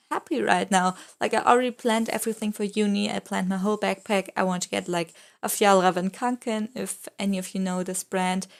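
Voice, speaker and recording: Young woman, YouTuber, casual chatty voice-over, fry-heavy voice, rambling, giggly, excitable. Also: medium pitch. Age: young adult. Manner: rambling, full of "like" and "I don't know". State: throat a bit rough.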